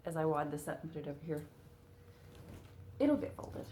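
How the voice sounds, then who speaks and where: A woman with a low voice chats casually to her camera at home, her talk full of fillers. She has the hiccups now and then. Faint noise hums under the recording. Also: normal speed, pauses often, dark tone. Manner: chatty, with frequent fillers. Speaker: cross-stitch vlogger.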